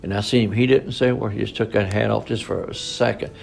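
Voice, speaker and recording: A man in his eighties, with a lowish, gravelly voice, steady tone, and quick pace, goes through old family photos. He tells his stories informally, rambling in a folksy way with colloquial grammar.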